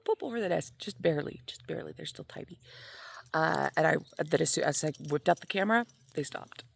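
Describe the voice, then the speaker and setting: A woman's voice: on the low side, gravelly. A woman, chatting casually to camera in a rambling, self-deprecating vlog. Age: 40s. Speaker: vlogger.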